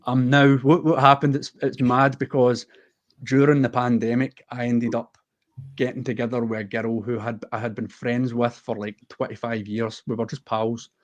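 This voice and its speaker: A man's voice: mid-range voice, level tone, moderate pace, muffled recording. A man from the west of Scotland with a Scottish accent, a podcast guest telling a personal story in an earnest, heartfelt and unguarded way.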